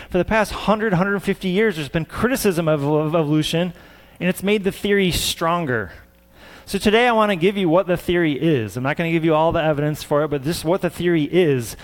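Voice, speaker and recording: A man preaching a sermon as a scientist, earnest and repeating words for emphasis. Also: a little high.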